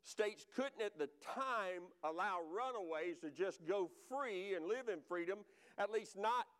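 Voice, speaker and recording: Man, pastor, sermon, high voice, smooth clear tone, addresses congregation directly. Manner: conversational, repeats phrases for emphasis.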